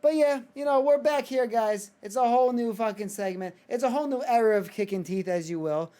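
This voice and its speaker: A young man from the United States hosting a podcast in casual chat, excitable, swearing, with lots of filler words. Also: extremely high pitch, fairly quick. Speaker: podcast host.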